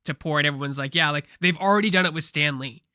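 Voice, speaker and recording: A man's voice: on the high side, quick pace, sharp tone, clear, resonant tone, no room sound, clean studio sound. A man co-hosting a casual pop culture talk show, rambling and opinionated with frequent restarts. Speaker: co-host. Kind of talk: casual podcast discussion.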